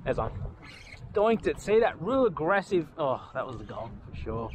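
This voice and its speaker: A man giving chatty, excitable commentary as he fishes from a small boat, talking to the fish and to his viewers. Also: a little high, moderate pace. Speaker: fishing vlogger. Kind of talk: casual commentary while fishing. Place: outdoors on a small boat on the water. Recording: outdoor boat and water noise.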